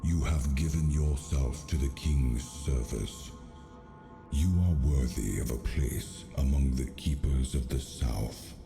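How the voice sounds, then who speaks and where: An actor playing an ancient, solemn male spirit who speaks slowly, gravely and formally, in a video game. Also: extremely low pitch, heavily acted. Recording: game voice over loud music. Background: game music.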